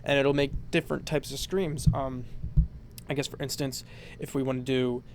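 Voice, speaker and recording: A man's voice: mid-range voice, little pitch movement, normal speed, slight background noise. A man explaining a vocal technique in a casual, rambling tutorial, full of fillers and "you know".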